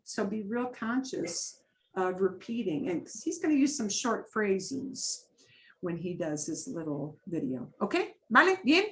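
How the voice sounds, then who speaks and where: A woman's voice: on the high side, rough recording. A middle-aged woman teaching a Spanish class, talking casually and checking in with her students in Spanish. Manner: chatty, sprinkles Spanish checks like vale and bien.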